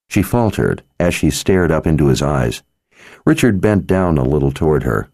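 A man narrating an audiobook in a measured, steady manner. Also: extremely low pitch, dry recording, studio quality.

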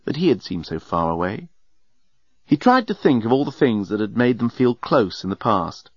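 A man narrating an audiobook in a measured, expressive storytelling manner. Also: mid-range voice, no room sound, highs cut off.

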